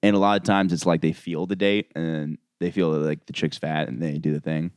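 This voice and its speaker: A man hosting a casual comedy podcast, rambling quickly and laughing often. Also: very deep voice, little pitch movement, clear, resonant tone, no echo, clean studio sound. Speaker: podcast host.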